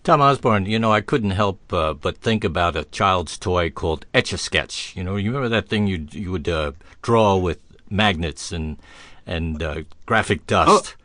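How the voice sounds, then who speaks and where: A man hosting a radio talk show, telling a long joke in a folksy, halting way with fillers. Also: sits low, lively intonation, sharp tone, no room sound, clean studio sound.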